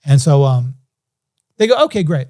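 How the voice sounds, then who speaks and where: Animated man telling a business story. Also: mid-range voice, moderate pace. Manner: animated, acts out phone calls in voices. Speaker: music producer, interview guest. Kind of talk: storytelling interview.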